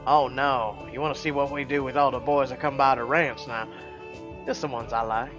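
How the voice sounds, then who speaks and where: A man voicing a friendly, easygoing young cowboy, speaking softly and in a low-key way. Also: steady tone, normal speed, music in the background, close to an everyday voice. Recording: dull lo-fi audio.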